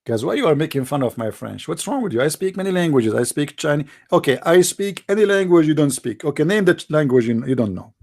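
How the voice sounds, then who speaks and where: An actor playing a boastful, rambling mock preacher with an Arabic accent, in a satirical livestream monologue. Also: male voice, a little high, vocal fry, darkish tone, exaggerated voice. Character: mock-pompous self-styled male preacher, middle-aged.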